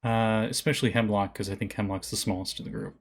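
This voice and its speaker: Relaxed man narrating as game master. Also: fairly low pitch, fast talker, gravelly, husky.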